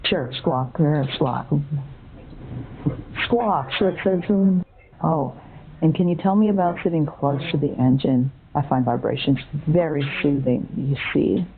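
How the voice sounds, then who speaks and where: Over a tinny phone connection, a computerized woman's voice, low, creaky and unhurried, poses as a confused old lady who thinks she is a parakeet. This scam-baiting bot stays sweetly muddled, with chirps and squawks breaking through.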